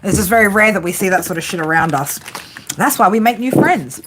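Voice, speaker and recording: A woman's voice: mid-range voice, lively intonation, a little fast, very noisy. Here is a young woman with a mid-range voice, doing a casual tarot reading for her viewers. She swears freely and talks straight to them. She also talks aloud to spirit as she lays out the cards. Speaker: tarot reader.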